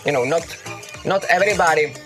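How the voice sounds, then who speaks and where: A man's voice: on the high side, brisk, fairly bright tone. A man with a non-native English accent hosting a livestream, answering chat questions in an emphatic, teasing way and calling viewers darling. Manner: emphatic, calls viewers darling, repeats "okay? got it?". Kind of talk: casual livestream Q&A. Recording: faint music under voice. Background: background music.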